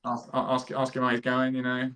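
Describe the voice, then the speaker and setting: A young man co-hosting a casual podcast, relaxed and easygoing, bantering with laughs. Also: mid-range voice, fairly quick. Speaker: podcast co-host. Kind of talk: casual chat.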